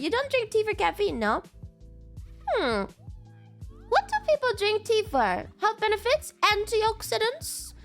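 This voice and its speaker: A woman's voice: sits high, very animated, measured pace, vocal fry, a bit bright, faint music behind. A young woman streamer, freshly woken and sleepy, chatting casually with viewers, giggling and swearing. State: sleepy, just woke up. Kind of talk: casual livestream chat.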